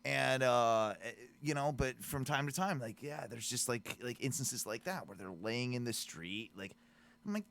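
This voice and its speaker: Lively, profane male podcast co-host. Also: mid-range voice, unhurried, vocal fry. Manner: loose and profane, laughing, lively delivery. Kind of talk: casual chat.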